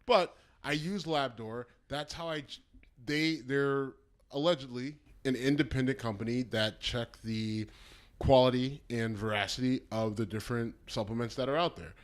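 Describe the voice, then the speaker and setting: A man's voice: medium pitch, moderate pace. A man co-hosting a casual podcast, talking bluntly and throwing in crude jokes. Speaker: podcast co-host. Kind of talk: casual chat.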